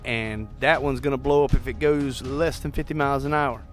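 A man's voice: medium pitch, steady tone, fairly quick, soft background music, close to an everyday voice. A man voicing a taunting male movie villain, retold in a casual, profane way.

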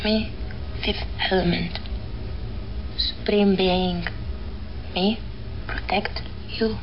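An otherworldly young woman in halting words. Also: mid-range voice, steady tone, muffled recording, a little hiss or hum. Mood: protective. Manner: halting, clipped broken phrases. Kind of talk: film clip. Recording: film audio with music behind.

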